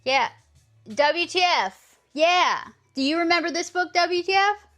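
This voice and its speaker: A woman's voice: extremely high pitch, lively intonation, unhurried, a bit bright, soft background music. A woman in her thirties streaming live, chatting casually and teasing her chat, swearing freely.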